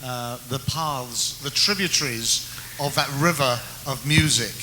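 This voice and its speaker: A man's voice: medium pitch, unhurried, pushed and bright, a little hiss or hum, low-quality recording. A man interviewing a guest, asking long questions that stop and restart along the way. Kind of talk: conversational interview.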